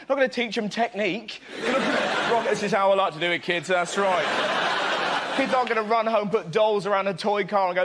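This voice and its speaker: A man's voice: high voice, a little fast, noisy background. A male comedian on a panel show telling cheeky, playful anecdotes. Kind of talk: stand-up comedy routine.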